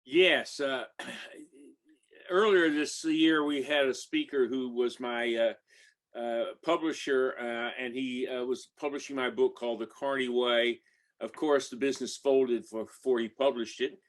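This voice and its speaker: A man's voice: medium pitch, fairly even intonation, unhurried. A man in his eighties or older, an author reading the opening of his book aloud, hesitant with many fillers when he talks off the page. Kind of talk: reading a memoir-style story aloud.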